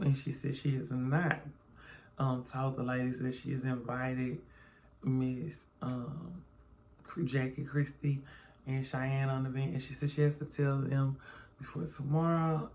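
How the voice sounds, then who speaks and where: Sleepy gravelly man recapping reality TV. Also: mid-range voice, flat delivery, a little slow, dark tone, slight background noise. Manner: chatty, addresses viewers as y'all and baby. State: sleepy, yawning early in the morning. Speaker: reality TV reviewer. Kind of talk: casual recap vlog. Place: at home.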